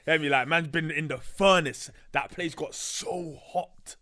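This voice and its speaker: A man's voice: on the high side, normal speed, few pauses. Young man telling a slangy story. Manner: animated, loose slangy storytelling with many fillers. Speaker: podcast guest. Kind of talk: casual storytelling chat.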